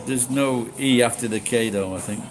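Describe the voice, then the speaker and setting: A middle-aged man from Yorkshire, chatting casually on a livestream, rambling and halting, speaking slowly and swearing now and then. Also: medium pitch, a loud crowd, low-quality recording. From Yorkshire, England. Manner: talks slowly and deliberately. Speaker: livestream host. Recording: steady background noise.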